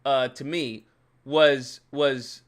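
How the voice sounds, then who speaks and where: A man's voice: medium pitch, fairly even intonation, extremely slow. A young man hosting his channel, ranting with profane, exasperated commentary and mocking voices. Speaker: channel host.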